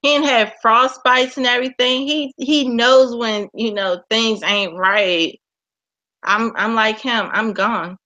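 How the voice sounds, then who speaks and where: A woman in her forties co-hosting a casual podcast, joking and swearing in animated banter. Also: a little high, slow pace, poor audio. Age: 40s. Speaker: podcast co-host. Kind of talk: casual chat.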